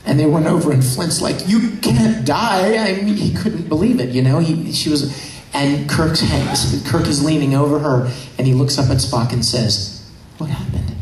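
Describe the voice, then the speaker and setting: A man at a convention panel, excitedly and emotionally retelling a story with many restarts. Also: on the high side, moderate pace, distant mic. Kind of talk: enthusiastic storytelling. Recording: echoey hall, faint noise.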